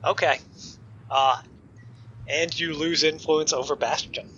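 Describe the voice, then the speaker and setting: A man narrating as game master of a tabletop game, giving calm, matter-of-fact rulings. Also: fairly high pitch, takes it slowly, dull audio, slight background noise.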